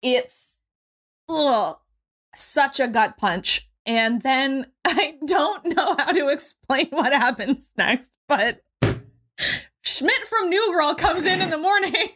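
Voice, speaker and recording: A young adult woman co-hosting a podcast, casually recapping a movie with lively quoted voices and the odd swear word. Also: high-pitched, slow pace. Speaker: podcast co-host.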